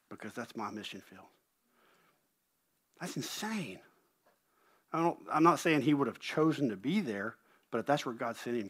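Middle-aged male pastor, bright, clear voice, lively sermon storyteller with self-deprecating asides. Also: mid-range voice. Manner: animated storyteller, self-deprecating, repeats words when excited. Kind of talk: sermon with personal stories.

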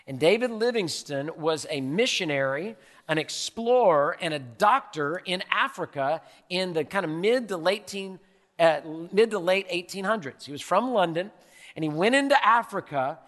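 A middle-aged man delivering a sermon in a fairly high voice, rising to loud, fired-up peaks and sinking to quiet asides. The room carries a long hall reverb, and faint music sits behind him. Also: expressive, moderate pace. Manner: impassioned, swings from loud to hushed. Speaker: pastor.

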